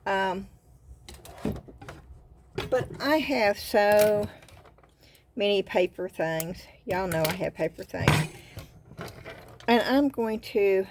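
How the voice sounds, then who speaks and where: A woman's voice: mid-range voice, noisy background. Chatty Southern woman gushing over bargains. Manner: chatty, excited about bargains, rambling asides. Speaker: craft vlogger. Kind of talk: casual haul and craft chat.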